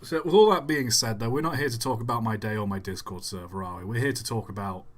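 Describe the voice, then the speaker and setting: A man's voice: fairly low pitch, quick pace. A man hosting a live stream in a casual, chatty way, reading out viewers' messages and answering them offhandedly.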